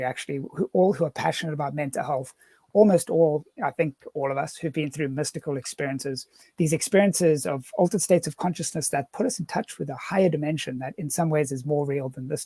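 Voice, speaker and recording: A man's voice: fairly high pitch, warm tone, no echo. Earnest South African man, dry sound. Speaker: co-host. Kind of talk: casual chat.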